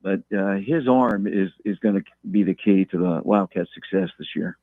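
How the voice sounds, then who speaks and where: A man calling in as a guest, talking football in a measured way and repeating words as he thinks. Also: low-pitched, dry recording. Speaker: guest talking local high school football. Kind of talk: phone-in interview. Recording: tinny phone line.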